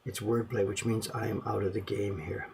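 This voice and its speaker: A man's voice: fairly low pitch, flat delivery, normal speed, gravelly, darkish tone, slight background noise. A man casually showing his collection of small prints to the camera, rambling and musing aloud in a self-deprecating way. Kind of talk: casual show-and-tell to camera.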